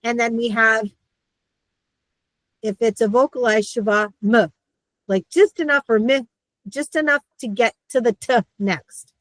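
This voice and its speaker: A woman teaches a beginner class in a bright, playful manner, breaking into sudden squeaks to make a point. Her voice sits a little high. It is recorded dry and close, with no room sound around it. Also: measured pace, pauses often, no room sound, poor audio. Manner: lively, playful, animated. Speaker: Hebrew teacher. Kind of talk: online lesson.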